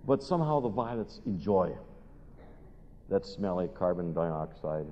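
An older man preaching a sermon, telling funny stories in an animated way and putting questions to his listeners. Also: deep voice, unhurried, slight background noise. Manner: animated storytelling, asks the audience questions. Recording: dull recording in a long-reverb hall.

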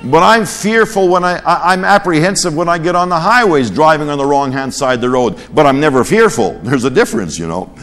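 A man's voice: medium pitch, fairly bright tone. A man from North America teaching a Bible lesson in a sermon style, joking and laughing at his own stories, sometimes stumbling over repeated words. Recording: long hall reverb.

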